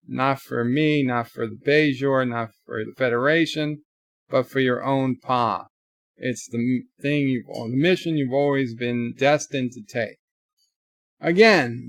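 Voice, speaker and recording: A man's voice: mid-range voice, no room sound. A man giving a casual live reaction to a TV episode, retelling the plot with quoted lines and offhand asides. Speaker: show reviewer.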